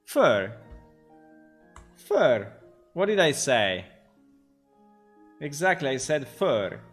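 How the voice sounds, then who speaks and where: Slow, lively game dev streamer man. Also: medium pitch, soft background music. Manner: rambling, amused, thinks aloud. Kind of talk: live development stream chat.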